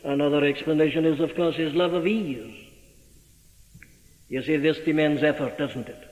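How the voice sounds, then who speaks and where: A man's voice: on the high side, normal speed, darkish tone. A male preacher giving an emphatic sermon, pressing the listener with rhetorical questions. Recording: dull old recording, long hall reverb.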